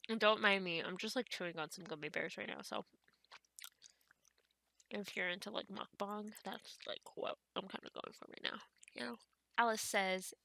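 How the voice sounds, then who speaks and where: A woman narrates her game casually, rambling and thinking aloud as she plays. Her voice is bright and forward, with a strong gravelly fry. The recording is close and dry, with no room sound. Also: medium pitch, normal speed, no room sound. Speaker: gaming channel host. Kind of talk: casual let's-play commentary.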